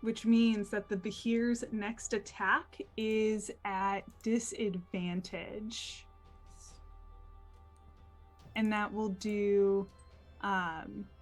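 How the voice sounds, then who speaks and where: Slow, unhurried woman playing a tabletop game. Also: medium pitch, fairly even intonation, faint music behind. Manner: unhurried, hesitant narration. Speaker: player. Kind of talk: describing her character's actions in a tabletop game.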